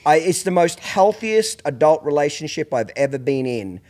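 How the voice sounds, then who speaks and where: A middle-aged man hosts a podcast and tells stories in a blunt, profane, casual way. His voice sits a little high for a man. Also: sing-song, normal speed, darkish tone. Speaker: podcast host. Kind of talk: casual chat.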